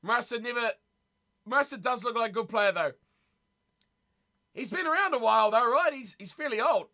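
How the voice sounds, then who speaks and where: A man hosting a live stream in an easy, chatty way. He talks to his viewers as if they were in the room, repeating words as he reacts. His voice sits high and has a sharp, bright edge. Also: lively intonation, normal speed. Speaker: streamer reading live chat. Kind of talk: casual live-stream chat.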